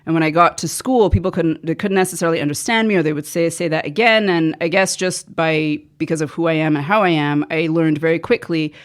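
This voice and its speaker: A woman's voice: low voice, fairly even intonation, a little fast, hardly any pauses. A woman being interviewed on a podcast, an actor who rambles and drifts off track in casual chat. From the islands, came to America at seven.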